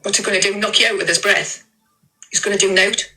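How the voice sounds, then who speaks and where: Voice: medium pitch, fairly even intonation, fast, pushed and bright, rough recording. A livestream guest, talking bluntly and dismissively in casual chat, swearing freely.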